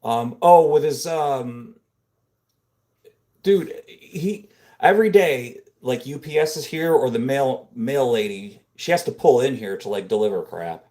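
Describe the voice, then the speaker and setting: A man hosting a casual livestream from a home room, rambling and filling his talk with "dude" and "like," close on a boom-mounted microphone. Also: measured pace, warm tone. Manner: rambling, filler-heavy, says "dude" and "like" a lot. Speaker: livestream host. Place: home room full of computer monitors.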